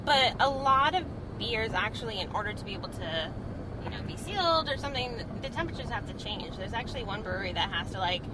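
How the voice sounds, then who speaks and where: A woman's voice: a little high, expressive, fast talker, very noisy. A woman hosting a casual road trip podcast, talking animatedly and laughing often from inside a moving car. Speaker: podcast host.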